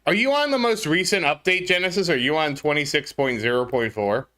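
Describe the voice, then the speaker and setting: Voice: medium pitch, expressive, brisk, pushed and bright. A game streamer talking casually to live viewers, flustered, apologetic and laughing at their own mistake.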